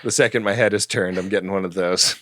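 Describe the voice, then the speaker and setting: A man's voice: low-pitched, fairly even intonation, fast, fairly bright tone, no echo, clean studio sound. Wry male podcast co-host. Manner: wry, laughs along, curious asides. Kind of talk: casual comedic chat.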